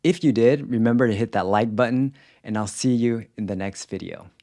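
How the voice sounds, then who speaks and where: A man teaching a pronunciation lesson, enunciating each example word carefully in a clear, deliberate voice-over. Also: mid-range voice, mellow, no echo, studio quality. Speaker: language teacher.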